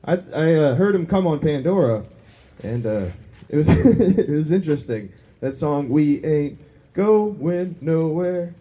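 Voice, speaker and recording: A man's voice: a little high, lively intonation, unhurried, dull audio. A man doing a crude, self-mocking stand-up set on a small pub stage, laughing at his own jokes. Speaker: stand-up comedian.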